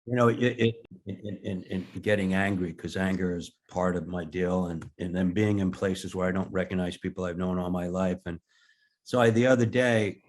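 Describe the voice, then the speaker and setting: Older guy, really deep voice, blunt, swears a lot, jokes at his own expense. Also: steady tone, moderate pace. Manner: blunt, swears freely, self-deprecating humor. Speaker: interview guest. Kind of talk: candid conversational storytelling.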